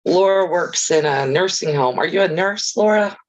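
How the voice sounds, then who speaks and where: A woman's voice: lowish voice, normal speed, low-quality recording. A woman hosting a casual crafting livestream, chatting easily with viewers and reading out their comments, with chirpy, self-deprecating asides.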